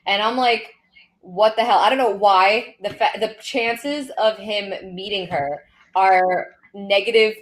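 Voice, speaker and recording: A woman co-hosting a live podcast, telling personal stories in casual, animated chat. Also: mid-range voice, slow, poor audio. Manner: animated storytelling with laughs. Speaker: podcast co-host. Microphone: studio podcast mic.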